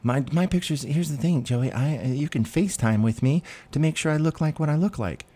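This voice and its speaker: Man doing a defensive woman dater, higher voice, pleading tone. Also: fairly quick, dark tone, lightly acted. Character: defensive adult woman who fudges her dating photos.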